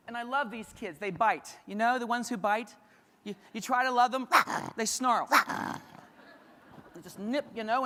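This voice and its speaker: A man's voice: sits high, a bit bright. A man giving a motivational keynote at a conference, punchy and rousing, speaking straight to the audience. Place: large conference hall. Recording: long hall reverb.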